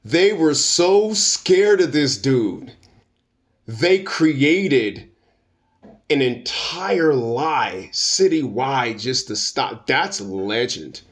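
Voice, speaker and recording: A man with a mid-range, expressive voice speaks extremely slowly as a guest commentator in an interview. His opinionated talk is emphatic and informal, with a preacher-like, slangy cadence.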